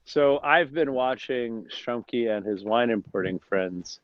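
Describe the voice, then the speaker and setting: A man, a brewery owner, chatting as a guest and telling animated jokey stories over a phone. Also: medium pitch, takes it slowly, dry recording. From United States. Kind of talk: casual chat over a phone line. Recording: muffled dry phone-call audio.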